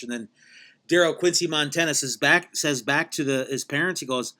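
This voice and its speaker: Male podcast host, meandering deadpan comic storyteller, bright tone. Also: on the high side, normal speed. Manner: meandering, self-correcting, deadpan tall tale.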